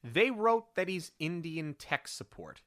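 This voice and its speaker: A podcast co-host in casual film review chat, animated and incredulous, acting out scenes in quick put-on voices. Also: mid-range voice.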